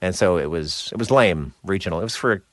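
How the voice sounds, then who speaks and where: A middle-aged man from New Jersey, a voice actor, telling stories in a casual interview with crisp, clipped enunciation and a slight Jersey edge. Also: low voice, fairly quick, no room sound, clean studio sound. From New Jersey, USA. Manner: animated storyteller, slips into voices. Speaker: voice actor guest.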